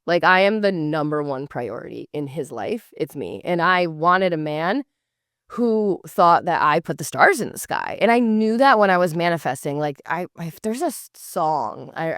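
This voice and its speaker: A woman's voice: low-pitched, moderate pace, no echo, studio quality. A woman hosting a podcast who tells a personal story casually. She talks in a chatty way, swears freely, uses lots of "like" fillers and acts out the dialogue. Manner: animated, acts out quoted dialogue. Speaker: podcast host.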